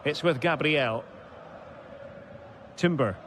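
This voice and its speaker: In recorded commentary for a football video game, a man with a fairly high voice speaks at a slow pace. His crisp player-name calls swell into shouted goals, with a little noise in the background.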